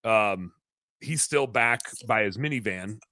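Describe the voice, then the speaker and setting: Bright-voiced man telling a story. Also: fairly low pitch, takes it slowly, no echo. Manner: rambling, animated, lots of fillers. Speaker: podcast host, business owner. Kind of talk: casual storytelling on a podcast.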